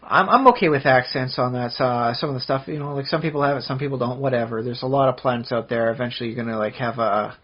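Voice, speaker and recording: Man, casual podcast chat, husky voice, rambling, muffled lo-fi sound. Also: mid-range voice, quick pace, hardly any pauses. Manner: rambling, lots of fillers and restarts. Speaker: podcast co-host. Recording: dull lo-fi podcast audio.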